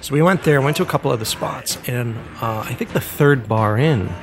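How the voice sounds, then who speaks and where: A man casually telling a story in a chatty, animated way, laughing often and using many fillers. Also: medium pitch, a little fast, music in the background.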